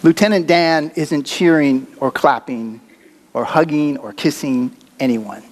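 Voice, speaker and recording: A man's voice: fairly high pitch, unhurried. A man preaching a sermon as a pastor, talking in a conversational, reflective way with occasional fillers.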